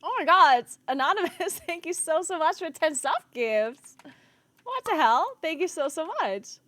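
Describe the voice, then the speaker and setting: High-voiced woman streamer chatting with chat. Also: animated, unhurried, a bit bright, no echo. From Italy. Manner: laughs often, reacts to chat. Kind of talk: casual live-stream chat. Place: home streaming setup.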